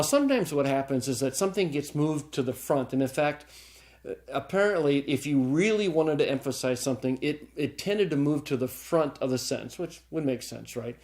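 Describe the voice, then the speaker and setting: A man's voice: on the high side, a little mellow. A middle-aged man teaching Greek grammar in a recorded lecture, patient and chatty, often checking in with "okay?" and chuckling lightly as he explains.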